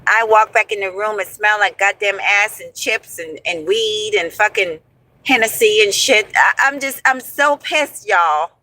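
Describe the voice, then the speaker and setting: Bright-voiced woman telling a profane story. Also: mid-range voice, a little slow, dry recording, poor audio. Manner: animated, profane, addresses listeners as honey and y'all. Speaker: storyteller host. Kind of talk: casual storytelling.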